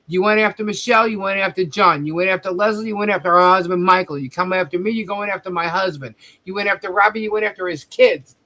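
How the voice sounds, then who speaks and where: A woman running her own livestream, talking straight at her audience in a heated commentary rant. Her voice is bright and forceful, and she swears freely while calling out her opponents. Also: medium pitch. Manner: heated, profane, confrontational. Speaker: livestream host.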